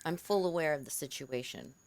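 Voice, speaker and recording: A woman player speaking in character, formal and measured as she advises the captain. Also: low-pitched, animated, a little mellow, a little hiss or hum.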